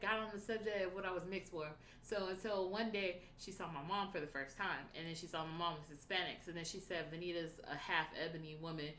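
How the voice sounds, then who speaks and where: A young woman telling a story in casual livestream chat, animated and profane, acting out the lines of the people in it. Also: lowish voice, echoey room, slight background noise. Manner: animated, profane, acts out quotes.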